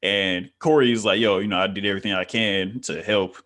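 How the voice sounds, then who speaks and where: A man's voice: fairly low pitch, fairly even intonation, a little fast, fairly bright tone. A man co-hosting a casual review chat, laid-back and slangy, acting out quotes from the show. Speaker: co-host reviewing a reality show.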